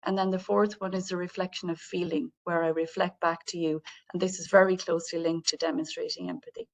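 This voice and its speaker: A woman's voice: fairly low pitch, little pitch movement, brisk. A woman giving an online training webinar over a video call, explaining things in a friendly way and speaking directly to the participants. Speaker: webinar presenter on healthcare communication.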